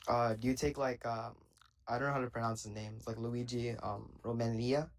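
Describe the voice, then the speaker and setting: A man's voice: medium pitch, little pitch movement, a little fast, low-quality recording. A young man calling into a live debate, talking casually and hesitantly with lots of fillers. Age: young adult. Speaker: caller.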